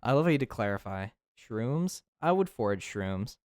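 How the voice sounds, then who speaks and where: A man's voice: medium pitch, big pitch swings, moderate pace, clear, resonant tone, no room sound, studio quality. A young man streaming live, chatting playfully with his chat, laughing often and tripping over his words.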